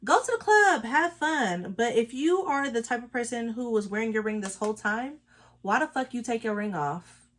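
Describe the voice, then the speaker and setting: A woman's voice: on the high side, expressive, moderate pace, fairly bright tone. A woman, chatting casually and telling gossipy stories with sassy asides while she does her makeup. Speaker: beauty vlogger.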